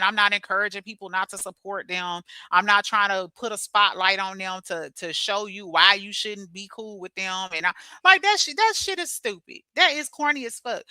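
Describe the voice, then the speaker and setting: Brief: woman streamer reacting to chat, crude and loud-laughing, with a smooth, crisp tone. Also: medium pitch, dry recording. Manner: blunt, profane, laughs loudly at her own jokes. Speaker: livestream host reading chat comments. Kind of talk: casual livestream chat.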